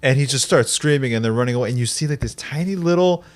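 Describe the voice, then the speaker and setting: A man's voice: mid-range voice, quick pace. A young man co-hosting a podcast, telling stories in a rambling casual way with lots of fillers and swearing. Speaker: podcast co-host. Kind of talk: casual chat.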